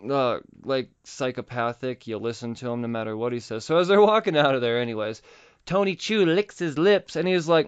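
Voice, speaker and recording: A man's voice: medium pitch, smooth. A young man hosting a podcast, casually recapping a comic book, swearing freely and laughing at his own stumbles. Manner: loose, profane, laughs at himself. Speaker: podcast host. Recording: slightly dull lo-fi podcast audio.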